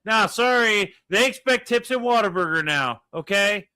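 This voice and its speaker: A man's voice: high-pitched, animated, normal speed, sharp tone, clean tone, no echo. A man co-hosting a casual chat, blunt and profane. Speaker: co-host.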